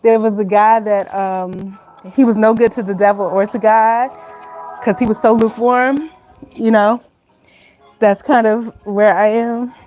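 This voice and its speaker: A woman's voice: a little high, fairly even intonation, measured pace, darkish tone, soft background music, low-quality recording. Chatty, laughing woman in her fifties. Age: 50s. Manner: rambling, frank, laughs often, swears. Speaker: vlogger. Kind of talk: casual talk to camera. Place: at home, indoors.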